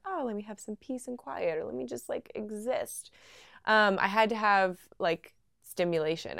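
A young woman tells her story in a chatty, animated way, laughing easily as she goes. Her voice is smooth and clear. The sound is dry and close, with no room echo. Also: on the low side. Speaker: podcast host. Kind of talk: casual storytelling. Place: at home.

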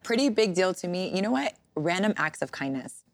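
A woman guest chatting in an interview, telling stories in a lively, animated way. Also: lowish voice, fairly quick, no room sound. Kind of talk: casual interview chat.

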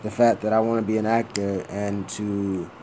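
A man's voice: lowish voice, little pitch movement, moderate pace, mellow, slight background noise. A man talking casually to the camera, meandering and thinking aloud, with some swearing. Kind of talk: casual rambling vlog.

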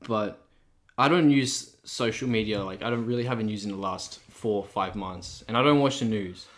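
A young man co-hosting a podcast, talking casually and thoughtfully with a croaky, sore voice. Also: lowish voice, moderate pace. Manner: thoughtful, rambling with restarts. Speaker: podcast co-host. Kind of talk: casual chat.

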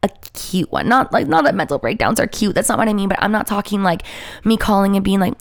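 Young woman, twenties, YouTuber, rambling confessional storytelling, gravelly fry, dry close sound. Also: mid-range voice, fast, dry recording. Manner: rambling, confessional, heavy with "like" and restarts. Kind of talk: candid personal storytelling to viewers.

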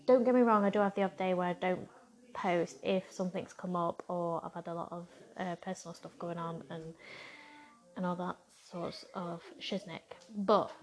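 A woman talks straight to her audience in a casual monologue. She is blunt and defiant and swears freely. Her voice sits at a middling pitch. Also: darkish tone. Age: 30s. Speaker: content creator.

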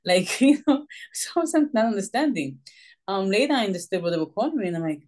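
A fast-talking woman with a fairly low voice, she is a guest author from Puerto Rico whose first language is Spanish and who has a Puerto Rican Spanish accent. In a casual interview, she tells her story with animation, acting out questions she once asked.

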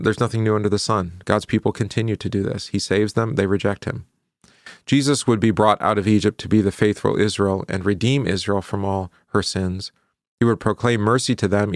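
A man's voice: on the low side, dry recording, clean studio sound. A middle-aged male pastor reading scripture aloud, then explaining it in a loose, conversational teaching manner with fillers and asides.

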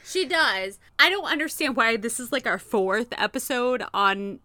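A woman co-hosting a casual podcast, animated and laughing often, swearing freely as she recaps an old sitcom. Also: fairly high pitch, measured pace, no echo. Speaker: podcast co-host.

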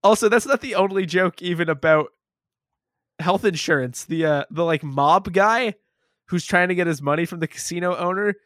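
A man's voice: high-pitched, a little fast, no room sound, studio quality. A man co-hosting a casual movie review chat who jokes and laughs a lot. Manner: animated, laughs often, jokey asides. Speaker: podcast co-host.

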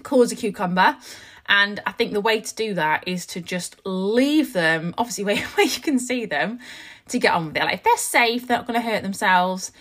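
Chatty young mum vlogger. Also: female voice, mid-range voice, animated, moderate pace, a bit bright. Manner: chatty, rambling, heavy use of "like". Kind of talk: casual storytelling to viewers.

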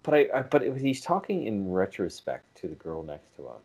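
A man's voice: lowish voice, sing-song, a little fast, darkish tone, breathy edge. A man co-hosting a podcast in casual chat, rambling with many restarts and self-corrections. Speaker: podcast co-host.

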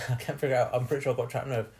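A man's voice: mid-range voice, very fast. Laughing man telling a bawdy story. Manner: laughs often, bawdy, animated retelling. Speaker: podcast host telling a story. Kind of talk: casual comic storytelling.

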